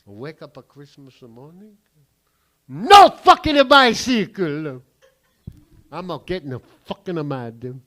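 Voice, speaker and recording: A man's voice: mid-range voice, moderate pace, few pauses, lightly acted. Man doing an indignant French storyteller. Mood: aggrieved. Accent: put-on French. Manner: indignant, deadpan storytelling with profane punchlines. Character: aggrieved French man recalling boyhood. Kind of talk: standup character bit.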